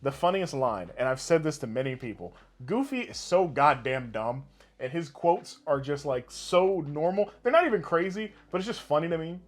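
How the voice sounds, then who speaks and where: A man's voice: a little high, moderate pace. A young man co-hosting a casual gaming podcast, telling stories with lots of swearing and big laughs. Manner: animated, swearing, laughing storyteller. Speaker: podcast co-host.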